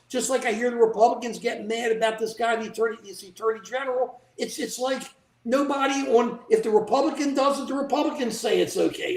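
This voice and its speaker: Livestream political co-host, indignant and animated, average pitch, roomy echoey sound. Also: vocal fry. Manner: indignant, animated, mimics politicians in quoted asides. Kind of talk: casual political commentary. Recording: echoey room.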